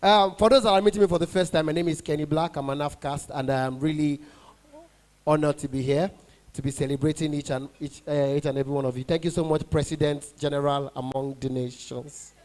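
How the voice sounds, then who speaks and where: A Nigerian man with a high voice does stand-up at an end-of-year party, teasing the audience. He slips between English and pidgin in a quick, bantering flow. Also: steady tone, a little mellow. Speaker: stand-up comedian and event MC.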